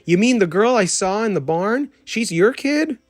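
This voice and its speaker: A man's voice: sits high, normal speed, dry recording, voice pushed up. A man voicing a spunky young female cowgirl doll who exclaims a lot, in a storybook reading. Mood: polite. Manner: excited, exclaiming.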